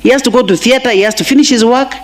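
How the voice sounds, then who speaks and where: A middle-aged woman from Kenya races through an emotional eulogy for her husband in a high-leaning voice. She has a Kenyan accent, uses some Swahili phrases, and speaks to a large crowd of mourners.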